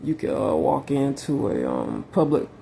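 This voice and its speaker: Hoarse, halting man vlogging. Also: medium pitch, wildly swooping pitch, warm tone, a little hiss or hum. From Southern United States. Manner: halting, drifting, full of fillers and restarts. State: losing his voice, unwell. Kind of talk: rambling personal vlog. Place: at home.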